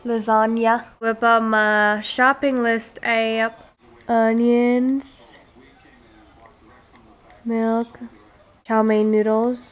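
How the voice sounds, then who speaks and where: A woman's voice: fairly high pitch, level tone, very slow, long pauses. A young woman, a mother vlogging in her home kitchen, talking in a chatty, teasing way to a handheld camera. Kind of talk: casual home vlog chat. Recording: faint background noise.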